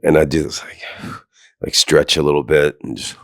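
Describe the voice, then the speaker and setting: A middle-aged man hosting a casual comedy podcast chat, jokey and animated, laughing often. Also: very deep voice, normal speed, no echo, studio quality.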